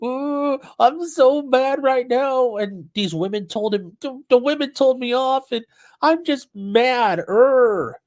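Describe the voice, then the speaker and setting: A man putting on a high, whining voice to mock a sulking, angry grown man. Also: slow. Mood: petulant. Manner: mocking, high squeaky whine.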